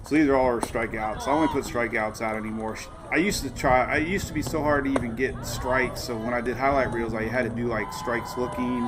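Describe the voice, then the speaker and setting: A man hosting a weather show, chatting casually and excitably, often saying "man". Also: mid-range voice, fast, few pauses, background noise. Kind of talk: casual live-stream chat.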